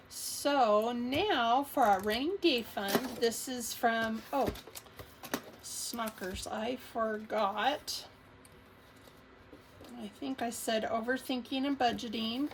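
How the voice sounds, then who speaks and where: A woman speaks at an unhurried pace in a slightly high voice, counting cash aloud and cheering on her savings in a chatty budgeting vlog. She talks casually with fillers and little asides. A faint hum of room noise sits under the recording. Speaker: budgeting channel host.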